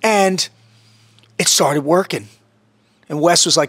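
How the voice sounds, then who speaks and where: A man as a podcast guest in casual chat, telling stories in an intense, profane, animated way. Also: on the high side, slow, slightly rough.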